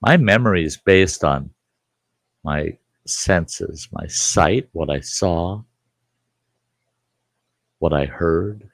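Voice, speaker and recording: Gravelly, slow-talking man in his sixties. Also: sits low, dry recording. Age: 60s. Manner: emphatic, rambling and indignant. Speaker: live stream host. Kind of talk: casual monologue. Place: home studio.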